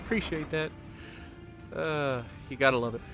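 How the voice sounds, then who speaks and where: A man giving casual commentary over his own gameplay footage, upbeat and quick to chuckle. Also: mid-range voice, over music. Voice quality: chuckles often, upbeat and talkative. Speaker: gaming commentator.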